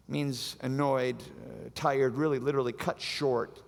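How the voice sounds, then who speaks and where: Gravelly preacher in a big echoing hall. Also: male voice, mid-range voice, measured pace. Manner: animated preaching with acted-out voices. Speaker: pastor. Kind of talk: sermon. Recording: long hall reverb.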